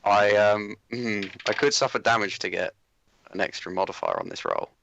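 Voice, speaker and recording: Man, game player, low lively voice, gravelly, dry. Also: normal speed, highs cut off, background noise.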